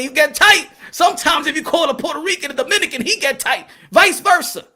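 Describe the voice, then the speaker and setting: A man hosting a boxing channel, delivering impassioned, preachy commentary and switching between English and Spanish, rising to shouts when worked up. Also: very high-pitched, a little fast.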